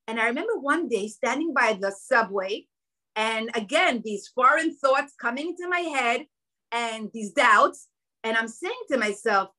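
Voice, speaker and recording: A woman's voice: high voice, pushed and bright, poor audio. A woman telling a personal story at a women's gathering, emotional and quoting her own inner thoughts, with religious Jewish vocabulary.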